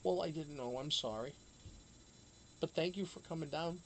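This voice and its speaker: A man's voice: fairly high pitch, moderate pace. Male stream host, casual rambling chat full of ums and curse words, faint background noise. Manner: rambling, swears freely, lots of fillers. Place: home.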